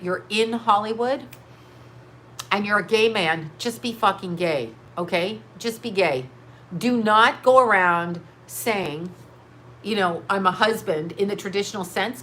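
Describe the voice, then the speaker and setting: A woman hosts a loose, rambling commentary, swearing freely and breaking into laughter again and again. Her voice sits at an ordinary middle pitch. A faint background noise runs under her talk. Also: fairly bright tone. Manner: profane, laughs often, frank and rambling. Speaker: host.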